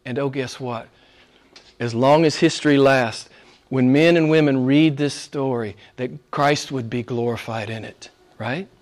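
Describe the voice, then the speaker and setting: A man preaching a sermon as pastor, asking the congregation question after question, rising to loud emphatic peaks and dropping to hushed low asides. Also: unhurried.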